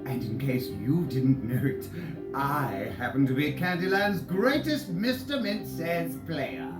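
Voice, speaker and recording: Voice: medium pitch, expressive, takes it slowly. An actor doing a smug villainous candy lord. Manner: smug, gloating, chuckling. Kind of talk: children's DVD game acting. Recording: roomy echo with music behind.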